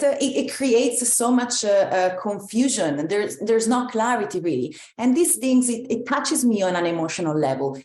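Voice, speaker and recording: Italian-accented woman coach, lowish voice, loose reflective delivery in an echoey room. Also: a little mellow. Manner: many fillers and restarts, reflective. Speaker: embodiment coach. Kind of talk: live online talk to a group.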